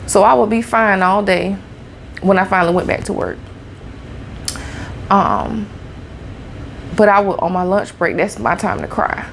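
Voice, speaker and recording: A woman's voice: mid-range voice, expressive, unhurried, vocal fry, long pauses, slight background noise. A woman vlogger sharing her own experience in a heartfelt, conversational way, often repeating herself for emphasis. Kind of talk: personal talk to camera.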